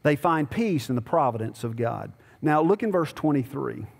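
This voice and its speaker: Pastor preaching in a reverberant church. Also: male voice, mid-range voice, animated, moderate pace, vocal fry, a little mellow. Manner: conversational preaching, rising to emphatic pleading. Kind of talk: sermon. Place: church sanctuary.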